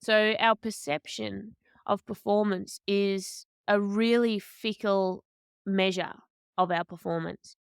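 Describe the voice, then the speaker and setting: A woman, a boxer and coach telling stories as a podcast guest, candid and animated, often restarting her sentences. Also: mid-range voice, takes it slowly, gravelly, smooth, dry recording, clean studio sound. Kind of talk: conversational storytelling.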